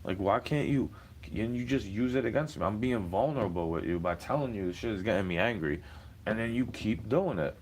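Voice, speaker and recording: A man's voice: lowish voice, expressive, brisk, slight background noise. A man ranting to the camera in a heated, profane, rambling monologue.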